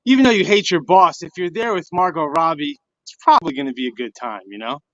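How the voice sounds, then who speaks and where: A man's voice: on the high side, fast talker, a bit bright, no room sound. A man calling into a sports show, rambling in a loose, chatty way. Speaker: caller. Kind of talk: casual call-in chat. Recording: dull lo-fi online stream audio.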